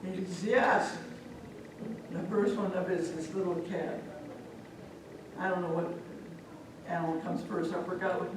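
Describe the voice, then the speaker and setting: A woman from Omaha telling a folk tale live to an audience, animated and speaking directly to listeners. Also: fairly low pitch, moderate pace, background noise. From Omaha, Nebraska. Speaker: storyteller. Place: live public event, echoey room. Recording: echoey hall from far off.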